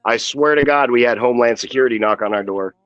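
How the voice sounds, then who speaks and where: A man guesting on a casual livestream chat, telling relaxed anecdotes. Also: medium pitch, fast talker, dry recording, low-quality recording.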